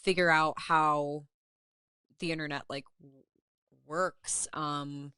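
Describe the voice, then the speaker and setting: A woman's voice: low voice, takes it slowly, clear, resonant tone, no echo, clean studio sound. A young woman, an artist and writer, guest in a casual interview, telling a story animatedly with lots of "like" and acted-out quotes. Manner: animated, heavy use of "like", acts out quotes.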